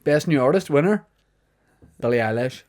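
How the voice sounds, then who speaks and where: A man's voice: medium pitch, lively intonation, moderate pace, a little mellow. Teasing man joking on a podcast. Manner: teasing, joking, reads out lists. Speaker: podcast co-host. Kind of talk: casual banter.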